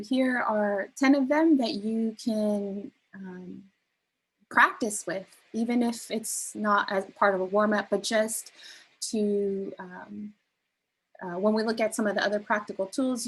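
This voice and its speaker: Soft-spoken woman teaching a workshop. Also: medium pitch, vocal fry, husky, low-quality recording. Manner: gentle, many ums and restarts. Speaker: workshop facilitator.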